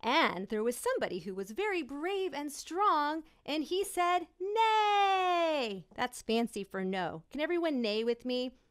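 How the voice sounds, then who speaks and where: High-voiced bubbly woman leading a kids' sing-along. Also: very animated, moderate pace, few pauses, fairly bright tone. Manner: bubbly, encouraging, calls out children by name. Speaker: children's musician and host. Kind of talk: interactive kids' sing-along over video call. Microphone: video call.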